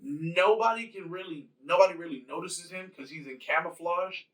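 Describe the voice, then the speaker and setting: A man's voice: sits high, normal speed, a bit bright, far from the mic, rough recording. A man casually retelling his own rewrite of a movie in a rambling, slangy way with lots of fillers. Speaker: channel host.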